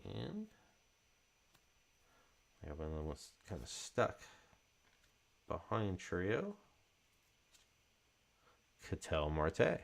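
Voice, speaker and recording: A man's voice: low voice, wildly swooping pitch, very slow, creaky, pauses often. A man hosting a card break, chatting casually and calling out card names as he opens packs.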